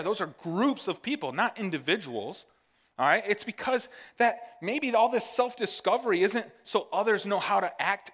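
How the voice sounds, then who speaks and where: A man's voice: a little high, fairly bright tone, big-room sound. A male pastor from the northern United States giving a conversational sermon and checking in with the congregation with "all right?". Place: church sanctuary.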